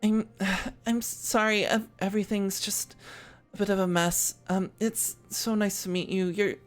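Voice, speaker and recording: A woman's voice: medium pitch, steady tone, faint music behind, pitched above the performer's own voice, natural voice. A woman doing a frazzled grieving mother. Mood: flustered. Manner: flustered, halting, apologetic.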